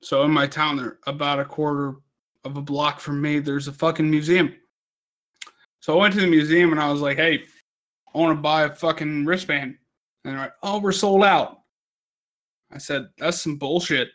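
A drunk man tells a long, rambling story full of swearing and laughs at his own jokes along the way. His voice sits a bit high and comes out bright and cutting. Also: little pitch movement, normal speed. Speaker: podcast co-host.

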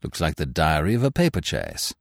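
A man voicing a gentle, wry male plainclothes police officer who speaks slowly. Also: rumbling low, wildly swooping pitch, creaky, dry recording, studio quality, voice pushed down, full character voice.

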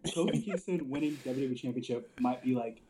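A man's voice: medium pitch, brisk, noisy background. A man telling wrestling stories in casual chat, loose and profane, laughing often and filling with "like". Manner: loose storyteller, swears a lot, laughs often, many "like" fillers. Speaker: podcast co-host.

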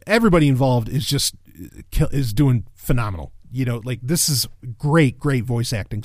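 A man talking through a casual review monologue in a mid-pitched voice. He is excitable and profane and rambles with frequent restarts. The sound is dry and close, with almost no room echo.

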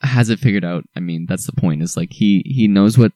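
Young man, podcast co-host, low mellow voice, rambling eager chat, dry recording. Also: brisk, no room sound. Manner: rambling, enthusiastic, many restarts.

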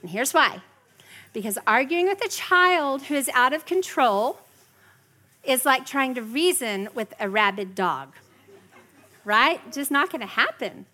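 Woman in her forties, workshop speaker, bright and a bit high, animated teaching style. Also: measured pace. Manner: animated, acts out kids' whiny voices. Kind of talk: live parenting workshop talk. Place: workshop room with a live audience.

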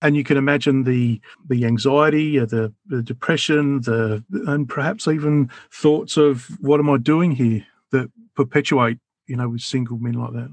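A man's voice: mid-range voice, steady tone, moderate pace, few pauses, dry recording. A man speaking as a guest, telling a personal story in a reflective, sometimes emotional way with frequent restarts. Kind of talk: candid personal conversation.

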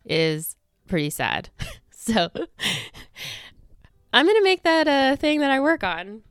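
A young woman hosts her own podcast, chatting casually into a close microphone, rambling through fillers and false starts. She sounds a touch out of breath. Her voice is smooth and clear, and the sound is dry, with no room around it. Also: on the high side, big pitch swings, slow pace, fairly bright tone, dry recording. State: a little out of breath. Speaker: podcast host. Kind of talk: casual chat. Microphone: studio microphone close to the face.

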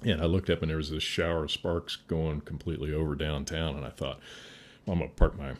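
A man's voice: a bass voice, flat delivery, fast, slight background noise. A man, a fire chief from the Midwest, telling a war story in a folksy way, swearing and chuckling now and then. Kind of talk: casual storytelling.

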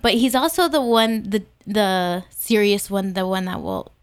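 Her voice is medium in pitch and clean, with no echo at all. She's a young adult co-host on a church podcast who keeps things casual, playful, and expressive, reacting in an instant.

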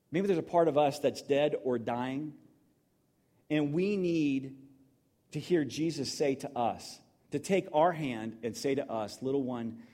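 A middle-aged male pastor delivers a sermon in a casual, heartfelt way. He retells the story with emotion, restarting his sentences often. His voice sits a little higher than most men's. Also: warm tone.

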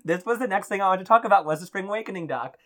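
A man's voice: high voice, very fast. Gossipy man in casual chat. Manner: gossipy, many likes and ums, animated storytelling. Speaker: podcast co-host.

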